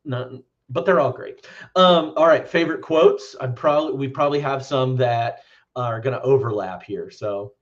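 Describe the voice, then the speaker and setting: A man's voice: mid-range voice, moderate pace, highs cut off. A man co-hosting a podcast, chatting casually about a film in a loose, rambling way and swearing freely. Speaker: podcast co-host.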